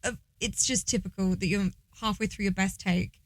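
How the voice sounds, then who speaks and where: A woman's voice: medium pitch, steady tone, normal speed, no room sound. A young woman co-hosting a podcast, chatting in an encouraging, friendly way. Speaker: podcast co-host. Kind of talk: casual chat.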